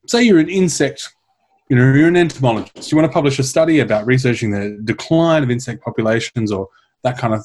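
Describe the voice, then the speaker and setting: Wry, animated man telling a story. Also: medium pitch. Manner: wry, animated storyteller who swears and jokes. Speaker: podcast co-host telling a science story. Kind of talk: casual comedic science chat.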